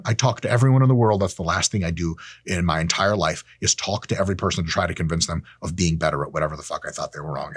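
A man's voice: low voice, husky, no echo, clean studio sound. A man in his thirties hosting a casual, profane monologue to camera, sarcastic and blunt. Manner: profane, sarcastic, acts out quoted people in silly voices. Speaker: host. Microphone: camera mic, close.

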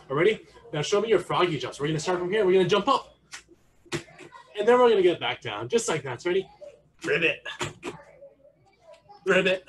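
A man's voice: sits high, slight background noise. A man teaching an online martial arts class for kids, playful and encouraging, leading exercises with silly animal noises over a video call. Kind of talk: energetic online kids' class.

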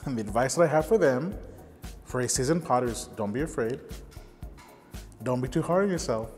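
A middle-aged man who teaches ceramics speaks earnestly, telling stories from his classes in a documentary-style interview. His voice sits at an everyday middle pitch. It carries a long reverb, and faint music plays underneath. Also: animated, normal speed, pauses often, a little mellow. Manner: earnest, storytelling with gestures.

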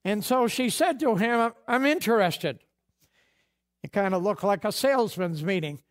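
A man's voice: high voice, lively intonation, moderate pace. A man preaching a sermon as pastor, folksy and conversational, acting out bits of dialogue. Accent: New England.

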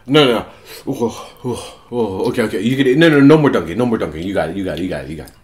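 A woman's voice: extremely low pitch, lively intonation, quick pace, darkish tone. A woman eating on camera with her child, chatting casually and coaxing between bites. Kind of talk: casual eating vlog chat.

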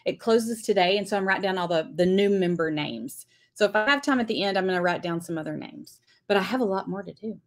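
A woman's voice: mid-range voice, fast talker, few pauses. A woman teaching a live-streamed lettering class, chatting and greeting viewers by name as she writes.

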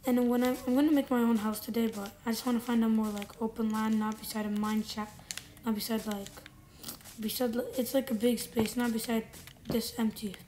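A woman chats her way through a game session, thinking aloud and circling back on her own sentences. Her voice sits a little high but stays flat and level. Loud steady noise and mouse clicks run under the whole recording. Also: a little fast. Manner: rambling, self-correcting, thinking aloud while playing. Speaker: gamer. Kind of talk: casual gameplay commentary.

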